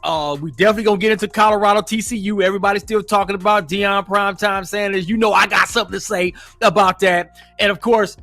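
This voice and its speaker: A man's voice: high-pitched, steady tone, fast talker, hardly any pauses, pushed and bright, dry recording, soft background music. A man co-hosting a casual sports podcast, hyped and playful, sometimes slipping into a sing-song delivery. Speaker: podcast co-host.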